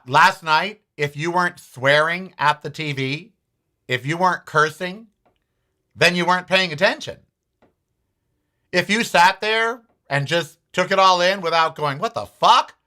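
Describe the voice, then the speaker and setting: A man's voice: on the high side, pushed and bright. A man hosting his own show, giving blunt, sarcastic political commentary and swearing freely. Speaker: podcast host.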